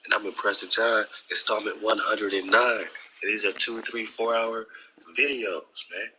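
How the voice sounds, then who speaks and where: A man's voice: lowish voice, steady tone, normal speed, sharp tone, slight background noise, low-quality recording. A man hosting his own vlog in casual, slangy talk, emphatic and a bit preachy, often tacking "man" onto his sentences. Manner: slangy, keeps saying "man". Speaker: vlog host.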